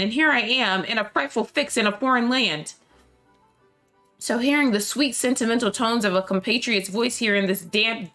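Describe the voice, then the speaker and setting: A woman's voice: fairly high pitch, fairly bright tone. A woman reading aloud the lines of a jittery young male student prisoner from a game, in florid, alliterative complaints.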